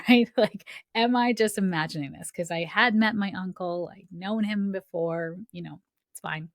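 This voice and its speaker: A woman's voice: medium pitch, moderate pace, no echo, clean studio sound. A woman hosting a podcast, telling a personal story in a chatty, filler-heavy way, often laughing and acting out the voices of people she quotes. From Canada. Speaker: podcast host.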